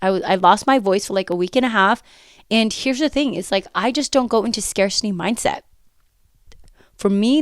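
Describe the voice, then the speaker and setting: A woman's voice: mid-range voice, no room sound, clean studio sound. A woman hosting a motivational podcast as a coach, talking emphatically with lots of repetition, her voice a bit worn from a recent illness. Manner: energetic, emphatic, talks with repetition and quoted self-talk. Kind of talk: casual motivational podcast talk. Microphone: close podcast mic.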